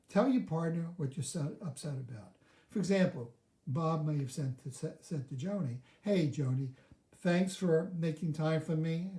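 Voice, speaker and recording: A man coaching on a live video, his voice set a touch high with a mellow, warm tone. He explains things step by step and slips into short acted lines of dialogue. The sound is roomy and echoey. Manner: instructive, walks through steps and acts out sample dialogue. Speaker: relationship coach.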